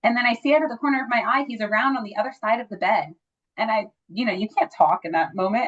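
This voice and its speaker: A fast-talking woman with a fairly high voice shares a personal story as a guest in a casual interview, leaning heavily on "like" and "you know." She becomes lively whenever she acts out quoted lines. The recording is lo-fi and slightly dull.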